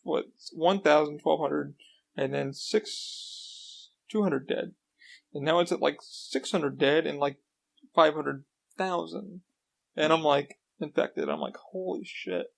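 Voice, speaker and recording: A man hosting a podcast, chatting casually and rambling through excitable stories. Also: fairly high pitch, slow pace, gravelly. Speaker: podcast host. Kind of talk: casual chat.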